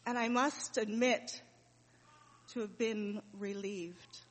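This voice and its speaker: A woman playing Mary, a grieving mother recalling her son's death, in a slow, emotional dramatic monologue with heavy pauses, heard in a reverberant hall. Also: mid-range voice, steady tone. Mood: sorrowful.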